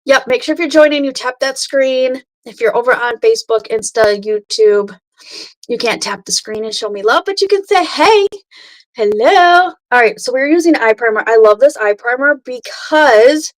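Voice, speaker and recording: A woman's voice: a little high, poor audio. Chatty woman hosting a late-night makeup livestream. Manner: chatty, greets viewers by name, says "freaking" often. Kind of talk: casual livestream chat and makeup tutorial. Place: home at night.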